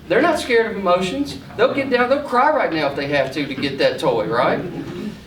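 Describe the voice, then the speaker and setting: A man telling a folksy story as a sales trainer to an audience, animated, with many restarts. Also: high voice, slight background noise. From Mississippi, USA. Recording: echoey room from a distance.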